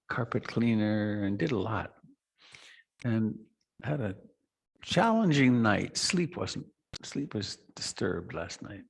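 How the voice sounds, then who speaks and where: A middle-aged man giving a reflective meditation talk, slow and soft, with long pauses and trailing lines. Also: fairly low pitch, vocal fry, breathy edge. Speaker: meditation teacher. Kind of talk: dharma talk.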